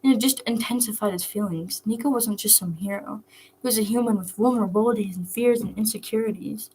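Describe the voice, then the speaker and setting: A woman reading a fan fiction story aloud in a soft, steady narrating voice. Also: mid-range voice, a little fast, slight background noise, low-quality recording.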